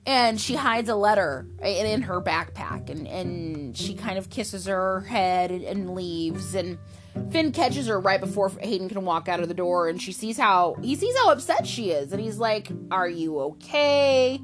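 A woman recapping a soap opera in loose, chatty talk. She is animated and unfiltered, with a middle-pitched voice and faint music underneath. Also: moderate pace. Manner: chatty, animated, swears casually. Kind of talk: casual chat.

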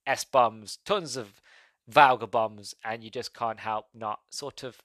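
A man's voice: mid-range voice, slow pace, a bit bright, dry recording. A man hosting a podcast, reviewing a film in casual, rambling talk that goes off on tangents and breaks into laughs. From Britain. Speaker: podcast host.

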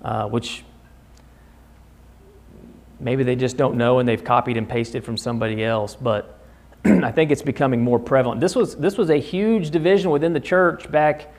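A man with a mid-range, darkish voice moves at a moderate pace through a conversational Bible study. Set in a church classroom in the American Midwest, he walks through passages and quizzes the class.

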